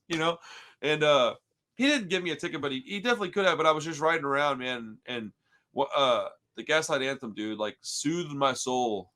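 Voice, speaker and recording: A man's voice: fairly high pitch, lively intonation, fast, pushed and bright. A man from Houston in his thirties hosting a casual podcast chat, telling rambling stories full of dude, bro and swearing. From Houston, Texas. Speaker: podcast host.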